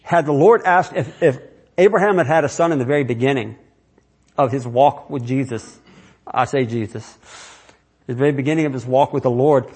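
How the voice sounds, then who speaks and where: A man's voice: mid-range voice, normal speed, darkish tone, husky. A man preaching a sermon in a conversational way, asking his listeners question after question. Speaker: pastor.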